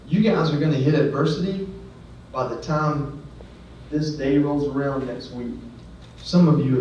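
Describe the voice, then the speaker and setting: A man's voice: medium pitch, mellow. A man who is a guest speaker at a ceremony, telling a personal story in an earnest, conversational way with self-deprecating asides. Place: ceremony venue. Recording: echoey hall, distant mic, dull sound, faint background noise.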